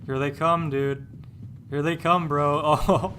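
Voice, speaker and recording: A man's voice: a little high, level tone, takes it slowly, bright, forceful tone, slight background noise. A man live-streaming a game, chatting casually and rambling, restarting his words and sounding exasperated and dismissive.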